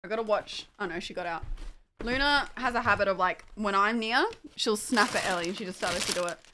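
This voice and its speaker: A woman's voice: medium pitch, a little fast, pushed and bright, a little hiss or hum. A young woman casually chatting on a livestream at home, distracted by her dogs, swearing and laughing.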